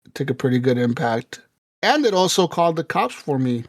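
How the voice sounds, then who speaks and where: A man's voice: medium pitch, very animated, fairly quick, no echo, studio quality. A man co-hosting a podcast, telling a story casually with lots of swearing and laughter, acting out quotes. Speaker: podcast co-host.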